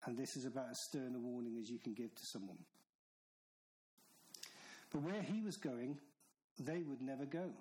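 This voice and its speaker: A man's voice: mid-range voice, moderate pace, long pauses, dark tone, poor audio. A man preaching a sermon in an earnest, stern manner, with emphatic repetition. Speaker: pastor.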